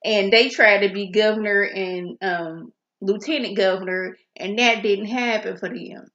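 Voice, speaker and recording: A woman's voice: medium pitch, steady tone, normal speed, hardly any pauses, fairly bright tone, reverberant, dull audio. A woman reviewing a TV drama episode in a casual recap, chatty and sassy, acting out the characters' lines.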